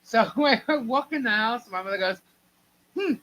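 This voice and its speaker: A middle-aged woman co-hosting a livestream rambles through a long family story, laughing between sentences. Her voice is fairly high, fairly quick and fairly bright, and the recording quality is low.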